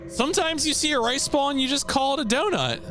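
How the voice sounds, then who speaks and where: A man streaming a video game, chatting casually with viewers in an animated way and laughing often. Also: very high-pitched, fast talker.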